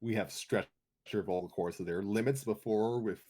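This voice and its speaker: Man, lowish voice, host, casual chat, rambling, laughs often, clicking sounds. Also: moderate pace, a crowd in the background. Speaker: host of a story reading show.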